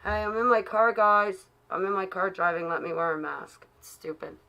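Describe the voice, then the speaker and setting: A woman's voice: medium pitch, moderate pace, muffled recording, background noise. A woman live-streaming to her chat from her car while driving, talking casually and sarcastically in a ranting way.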